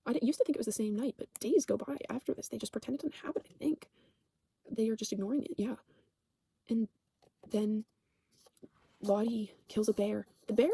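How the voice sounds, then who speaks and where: Woman, casual show recap, rambling, says "like" a lot, curses, slightly high voice, mellow tone. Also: vocal fry, breathy edge. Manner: rambling, swearing, constant "like", self-correcting. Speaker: channel host recapping a TV show.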